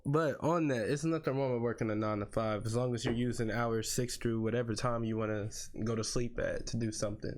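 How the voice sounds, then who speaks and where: A man's voice: mid-range voice, steady tone, a little fast, few pauses, a little mellow, slight background noise. A man appearing as a guest on a podcast, chatting in an easygoing, slangy way. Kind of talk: casual chat.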